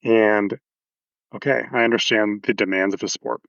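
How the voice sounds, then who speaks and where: A man's voice: on the low side, fairly even intonation, moderate pace, vocal fry, fairly bright tone, dry recording, muffled recording. A man coaching athletes, explaining movement casually in a podcast interview with anatomical detail and frequent fillers.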